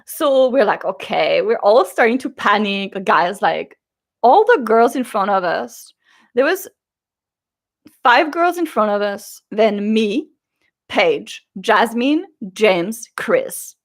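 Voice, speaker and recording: A young woman vlogger casually recounting a concert trip, animated and acting out the people she quotes. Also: slow. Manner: animated, acts out quotes with big pitch jumps. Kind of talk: casual storytelling vlog.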